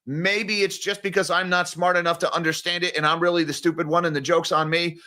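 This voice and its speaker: A middle-aged man talks through the day's market news in a casual, conversational way, reading headlines aloud and breaking off for sarcastic, exasperated remarks. His voice sits a bit high for a man and sounds bright and forceful. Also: little pitch movement, fairly quick. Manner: conversational, with fillers and restarts. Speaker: finance channel host.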